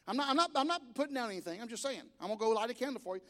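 High-voiced preacher storytelling to a congregation. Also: male voice, lively intonation, very fast, few pauses. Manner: storytelling and exhorting, rising to shouts. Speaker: pastor. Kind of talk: sermon.

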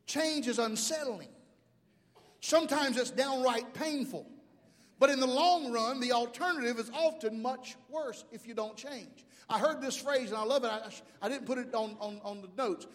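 A man in his fifties from Mobile, Alabama, preaching a sermon as pastor, animated, swinging from shouts to hushed asides. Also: extremely high pitch, normal speed. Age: 50s. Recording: long hall reverb.

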